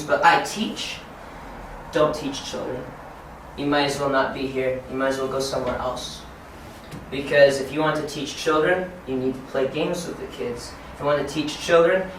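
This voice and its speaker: A man of twenty-nine giving a lively training talk to teachers, acting out classroom scenes as he goes. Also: fairly high pitch. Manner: animated, acts out classroom scenes. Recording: echoey room, distant mic, faint noise.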